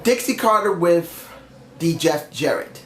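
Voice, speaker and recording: A man's voice: on the high side, expressive, measured pace, echoey room, a little hiss or hum. A young man reviewing a wrestling show on his own, ranting bluntly with some swearing while he is feeling sick. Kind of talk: opinionated solo review.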